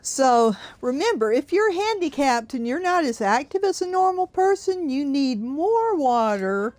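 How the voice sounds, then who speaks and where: A woman's voice: high-pitched, very animated, a little slow, darkish tone, no echo. An older woman streaming a racing game, chatting casually and giggling often. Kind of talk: casual live-stream commentary.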